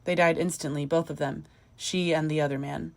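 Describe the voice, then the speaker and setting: A woman's voice: low voice, steady tone, brisk, gravelly. A woman reading the part of a feverish, grieving widower who broods and sinks to a near whisper. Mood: bitter. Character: feverish grieving middle-aged man, obsessive widower.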